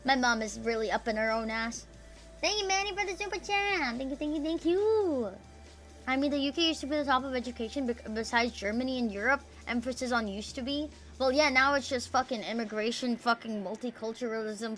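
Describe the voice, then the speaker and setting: A young woman from the United States, her voice a little high and fairly bright, streams from a home close to neighbors. She keeps things casual, reading out messages from viewers with jokes and swearing.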